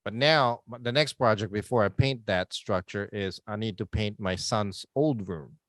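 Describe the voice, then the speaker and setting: A man's voice: on the low side, moderate pace, fairly bright tone, no echo, clean studio sound. A man co-hosting a casual podcast chat, rambling and joking with frequent laughs. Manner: rambling, jokey, laughs often. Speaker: podcast co-host.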